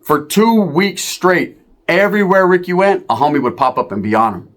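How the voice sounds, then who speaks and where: A man's voice: high-pitched, moderate pace. A man telling a profane street story, acting out the other people's voices. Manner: animated, profane, acts out voices.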